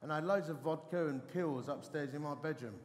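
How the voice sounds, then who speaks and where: A worn-out woman confides in a low, hushed voice, as a man preaching quotes her. Her words carry through a long, reverberant hall. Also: brisk, natural voice. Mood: hushed, confiding. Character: tired poor middle-aged woman, quietly confiding.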